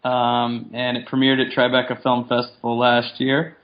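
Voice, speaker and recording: Relaxed male guest, muffled lo-fi sound. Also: medium pitch, normal speed. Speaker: podcast guest, indie filmmaker. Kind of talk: casual interview chat.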